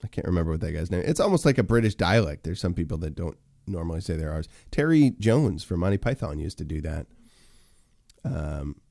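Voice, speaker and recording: A man's voice: deep voice, big pitch swings, fairly quick, gravelly, mellow, dry recording, studio quality. A man hosting a casual solo livestream, rambling with many fillers and talking to his chat viewers. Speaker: livestream host.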